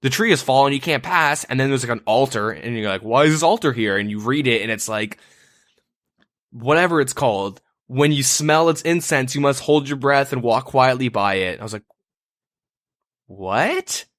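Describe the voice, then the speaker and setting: A man's voice: medium pitch, animated, moderate pace, a bit bright, no echo, clean studio sound. A man co-hosting a podcast, telling a story in casual banter, profane and rambling with lots of fillers. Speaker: podcast co-host.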